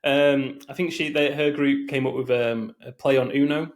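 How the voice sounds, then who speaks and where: A man's voice: mid-range voice, steady tone, normal speed. Man, casual podcast chat, rambling delivery, lots of ums, mid-range voice. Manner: rambling, hesitant, filler-heavy. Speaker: podcast co-host.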